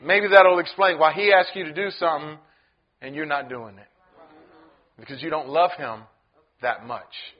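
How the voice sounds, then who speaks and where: A man preaching a sermon as pastor, animated and acting out the people in his story. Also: on the high side, normal speed, long pauses, dull audio. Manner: animated, acts out voices in the story.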